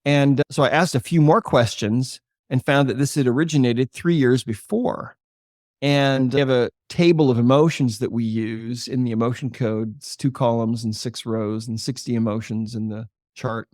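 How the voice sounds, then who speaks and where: An older man, a holistic chiropractor, explaining his work and telling a patient story in a podcast interview with a measured, earnest delivery. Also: mid-range voice, steady tone, darkish tone, no echo, studio quality. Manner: earnest, measured explainer who slows for emphasis.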